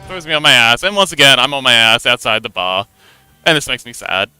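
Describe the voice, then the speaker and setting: Bright, giggly young man streaming. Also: medium pitch, big pitch swings, a little fast, soft background music. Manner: giggly, rambling with many restarts. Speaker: livestream host. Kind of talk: casual explanation of a tabletop game.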